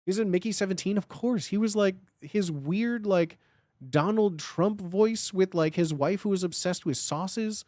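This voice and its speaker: A man with a fairly high speaking voice chats casually on a stream. He rambles, stacking up filler words. The sound is dry and close. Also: a little mellow, dry recording. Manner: rambling, with lots of filler words, and quick laughs. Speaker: guest on a livestream. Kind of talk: casual chat.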